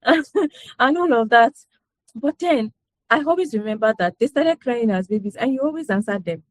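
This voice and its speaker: A woman's voice: on the high side, expressive, a little fast, no room sound. A woman talking casually to a group about parenting, often checking in with "do you understand" and laughing as she tells stories. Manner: conversational, repeats herself, frequent "you know" and "do you understand". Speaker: parent speaker in a parenting session.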